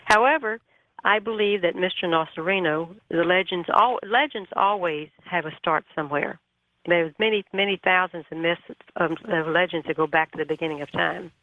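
A woman guest on a radio talk show, retelling her story in a folksy, animated way over the telephone. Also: on the low side, moderate pace, dry recording. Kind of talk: storytelling on a call-in interview. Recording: tinny phone line.

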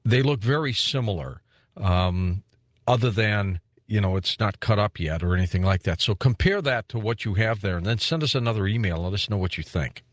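Male call-in show host, low voice, dry studio sound. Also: no echo. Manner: relaxed, affable, takes calls briskly. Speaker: radio talk show host. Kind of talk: late-night call-in radio.

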